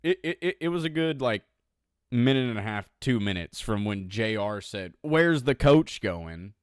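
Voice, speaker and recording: A man co-hosting a casual podcast, recounting events blow by blow with swearing and quick impressions. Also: fairly low pitch, clean tone, no echo, clean studio sound. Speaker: podcast co-host. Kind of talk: casual chat.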